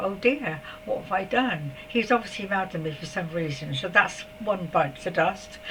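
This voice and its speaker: An older woman telling a personal spiritual story in a chatty, rambling way, with soft laughs and asides. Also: mid-range voice, distant mic, poor audio. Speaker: spiritual vlogger. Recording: voice a little away from the mic, faint background noise.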